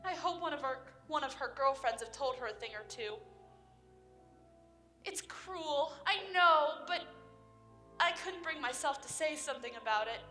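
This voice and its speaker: A teenage girl playing a worried mother of the bride in a high school stage play. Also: lively intonation, normal speed, long pauses, sharp tone, soft background music. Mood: indignant. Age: teens. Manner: wistful, then indignant. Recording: echoey auditorium from a distance.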